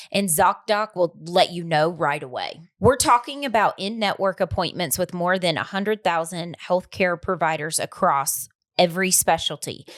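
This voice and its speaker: A woman co-hosting a casual podcast, telling family stories in a lively way and acting out what people said. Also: on the low side. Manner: animated storytelling, acts out quotes. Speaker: podcast co-host. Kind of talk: casual chat and storytelling.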